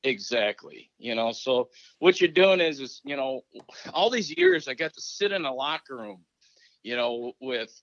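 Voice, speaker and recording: A man who used to coach hockey in Minnesota, with an unhurried, creaky, medium-pitched voice, shares stories in an informal interview and brings remembered dialogue to life with animation. The lo-fi audio is dull and dry, with no echo.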